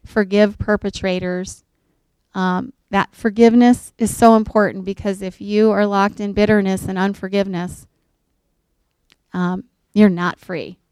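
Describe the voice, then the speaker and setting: Middle-aged woman telling a faith talk to a group, smooth clear voice, dry close sound, earnest storytelling. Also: mid-range voice, little pitch movement, normal speed, a little mellow, dry recording. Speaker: pregnancy center counselor speaking to a group. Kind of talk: faith-based talk to an audience.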